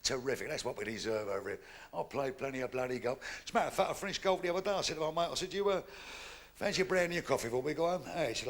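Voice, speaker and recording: A man's voice: medium pitch, lively intonation, very fast, a bit bright. A man doing bawdy stand-up comedy on a theatre stage, playing both sides of every exchange. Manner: brash, bawdy joke-telling, acting out both sides of each exchange. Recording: noisy live theatre recording.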